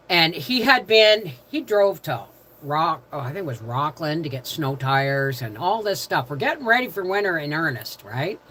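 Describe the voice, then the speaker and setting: A woman's voice: low voice, slight background noise, poor audio. An older woman hosting a casual live stream from home, greeting viewers by name and telling rambling stories. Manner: quiet prayerful tone. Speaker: livestream host.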